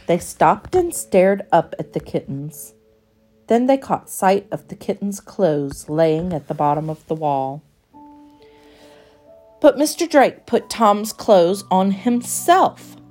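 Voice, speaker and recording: A woman reading a children's storybook aloud in a gentle, expressive, measured way. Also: medium pitch.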